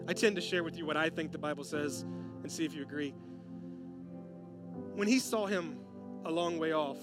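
A man preaching a sermon in a casual, slangy way that keeps swelling into excited, loud bursts. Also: sits high. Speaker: pastor.

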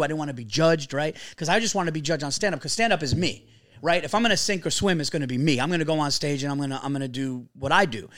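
A man, a comedian telling stories on a podcast, animated and swearing freely. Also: a little high, dry recording, studio quality. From New York. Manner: animated storyteller, swears freely, acts out quotes. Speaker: comedian guest. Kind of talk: casual podcast chat.

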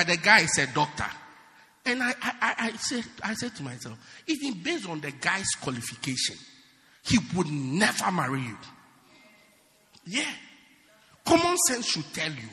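A man preaching a sermon in a church, animated and teasing, often shouting and then dropping low. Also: moderate pace, pauses often. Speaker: pastor. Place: church hall. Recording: long hall reverb.

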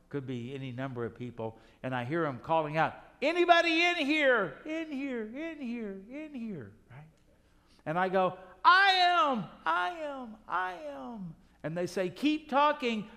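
A man's voice: medium pitch, long reverb tail. A man preaching a sermon as pastor, telling a story in a conversational way full of rhetorical questions.

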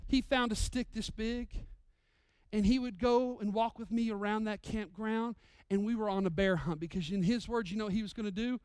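Pastor in his thirties, male, smooth clear voice, dry close sound, dynamic sermon delivery from loud to hushed. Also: high voice, steady tone, moderate pace, no echo.

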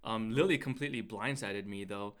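A man's voice: lowish voice, a little fast, a bit bright. A man in casual chat who laughs often and makes self-deprecating jokes.

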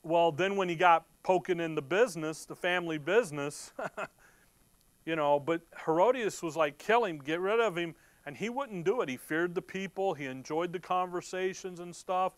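A man's voice: on the high side, moderate pace, no echo. A man preaching a sermon who reads scripture verse by verse and stops to explain it. He asks rhetorical questions, answers them himself, and restarts words when stirred.

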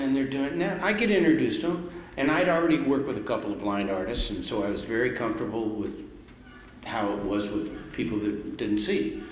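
Older male guest, animated raconteur, mid-pitched, recorded in a roomy hall with long reverb. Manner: lively storyteller, laughs, acts out quotes. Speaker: guest musician. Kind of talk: anecdote told in conversation. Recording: echoey hall with faint noise.

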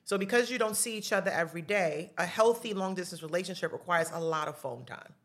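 A middle-aged woman with a New York accent speaks as a podcast guest. Her voice sits a little low, and she talks bluntly and with plenty of life. Her tone stays casual. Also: quick pace. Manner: blunt, animated, outspoken. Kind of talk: casual chat.

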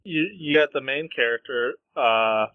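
A young man co-hosting a podcast, chatting casually and retelling a story in a halting way, full of fillers. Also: medium pitch, no room sound, narrow, tinny audio. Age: young adult. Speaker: podcast co-host. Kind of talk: casual chat.

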